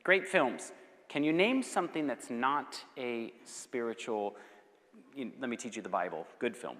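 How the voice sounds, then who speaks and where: A man giving a passionate youth sermon and answering students' questions, swinging between loud urgency and hushed intensity. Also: mid-range voice, lively intonation, a little slow, in a large hall. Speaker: guest speaker. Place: school assembly hall.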